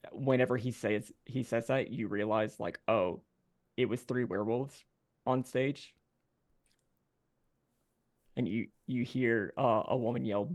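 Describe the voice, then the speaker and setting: A man narrating as game master in a rambling, halting way with many fillers. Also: mid-range voice, steady tone.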